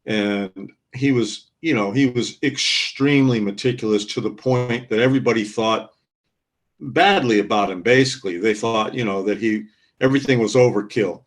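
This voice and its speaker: A man in a casual discussion, speaking in a measured, reflective way with frequent fillers. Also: fairly low pitch. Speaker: guest commentator.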